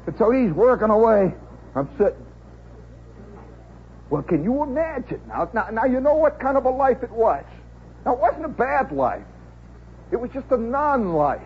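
Forties american guy, radio storyteller, wry and chatty, higher voice, faint hiss on an old tape. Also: big pitch swings, normal speed, long pauses, narrow, tinny audio. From United States. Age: 40s. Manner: wry, conversational, chuckling asides. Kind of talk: rambling comic storytelling monologue.

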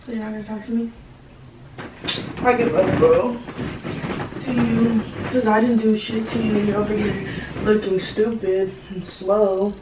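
A woman's voice: medium pitch, fairly even intonation, a little slow, pauses often. A young woman vlogger in casual prank banter, pleading and exasperated, repeating herself to her boyfriend. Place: indoor room, bedroom. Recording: echoey room, from far off, with background noise.

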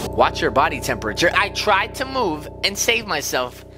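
A middle-aged man hosts a horror-game let's play, excitable and joking in slangy banter. His pitch swings widely and he breaks into sudden shouts. Game music plays clearly behind him. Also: normal speed. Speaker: gaming channel host.

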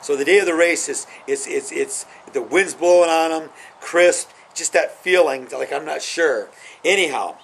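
Gravelly middle-aged man telling stories. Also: a little high, normal speed, few pauses, slight background noise, low-quality recording. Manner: rambling, repeats "anyhow", acts out quotes with a rising excited voice. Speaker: video host telling sports stories. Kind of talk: casual storytelling monologue.

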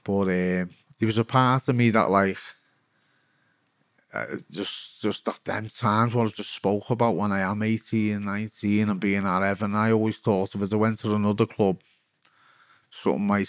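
This recording is dry and clean, studio sound, capturing a man whose voice sits on the low side. In his forties and from Liverpool, England, with a Liverpool accent, the ex-footballer guest tells his story frankly, rambling and swearing heavily.

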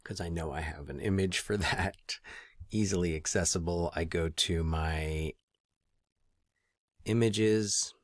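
A low-pitched male teacher walks students through a screen-recorded tutorial, thinking aloud as he clicks. His voice is deep and sits close to the mic in a dry, deadened space. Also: slow, pauses often, no echo.

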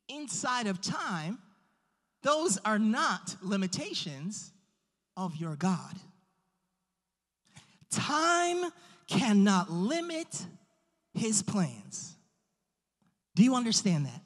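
A preacher delivering a sermon in a church, with emphatic, drawn-out stresses on key words. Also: mid-range voice, a bit bright. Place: church sanctuary. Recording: long church hall reverb.

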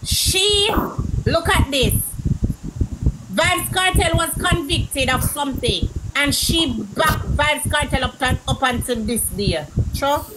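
A woman's voice: sits high, expressive, slow. A woman in casual live-stream chat, talking bluntly and heatedly and swearing freely. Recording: noisy live-stream audio.

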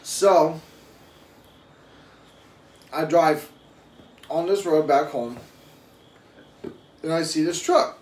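A man's voice: on the high side, very slow, pauses often, a little mellow. A young adult man and father talking casually on a live stream, telling rambling, profane stories. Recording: roomy echo with faint ambient noise.

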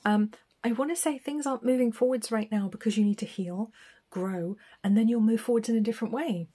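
Woman, middle-aged, tarot reader, rambling casual talk, breathy voice. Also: a little high, brisk, dark tone. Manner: chatty, rambling, laughs often. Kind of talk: casual spoken reading.

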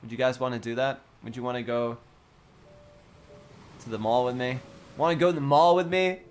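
A man's voice: medium pitch, fairly even intonation, moderate pace, darkish tone. A man with an Australian accent hosting a casual livestream chat with viewers, playful, giggly and teasing. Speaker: livestream host.

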